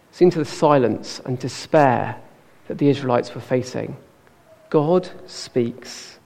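An earnest man delivers a sermon and draws out the words he wants to stress. His voice is mellow and gravelly. It echoes with a long reverb around a church hall. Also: fairly high pitch, slow pace. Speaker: preacher.

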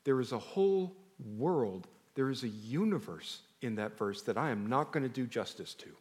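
A man's voice: mid-range voice, lively intonation, normal speed, darkish tone. A male pastor preaching a sermon in a conversational way, often putting questions to the congregation and shifting his emphasis freely.

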